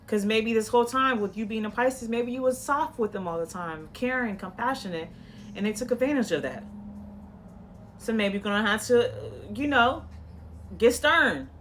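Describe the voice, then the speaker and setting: A woman's voice: a little high, animated, normal speed, a bit bright. A woman giving a casual tarot reading in a blunt, profane, coaching tone, rambling with frequent "you know"s and restarts. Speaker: tarot reader.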